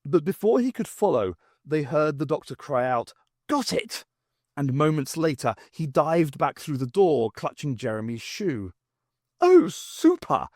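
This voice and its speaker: Guy reading a novel aloud, lively storytelling, no room echo. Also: on the high side, studio quality. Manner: measured, expressive storytelling. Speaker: audiobook reader.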